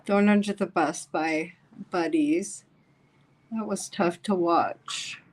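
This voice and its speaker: Slow-talking woman hosting a live stream. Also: lowish voice. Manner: chatty, emphatic, reacts aloud to comments. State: voice getting worn. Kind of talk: casual live-stream chat, reading viewer comments aloud.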